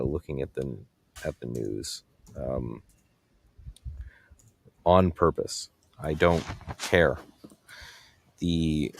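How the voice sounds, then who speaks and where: A man's voice: low-pitched, dry recording. A man giving casual live trading commentary, thinking aloud as he scans charts. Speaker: guest trading host.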